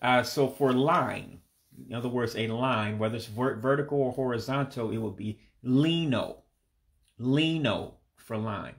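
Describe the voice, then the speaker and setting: An American man in his forties giving a casual spoken language lesson, with a relaxed and hesitant delivery that is full of fillers, repeating words slowly for practice. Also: medium pitch, creaky. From United States. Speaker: language learner teaching vocabulary.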